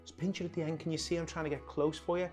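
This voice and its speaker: A man's voice: on the high side, level tone, very fast, over loud music. A man hosting a cooking demonstration, chatty and joking, often talking to his cameraman. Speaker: chef hosting a cooking show.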